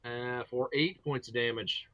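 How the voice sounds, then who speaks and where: A man narrates a tabletop game as game master, filling in action with whooshing sound effects. His voice is bright and forceful, and the recording is dry and a little dull. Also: mid-range voice, steady tone, unhurried, dry recording.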